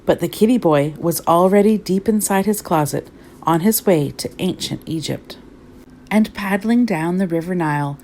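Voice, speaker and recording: A woman reading a children's storybook aloud with lively, expressive narration. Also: lowish voice, moderate pace, a little hiss or hum. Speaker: storybook reader.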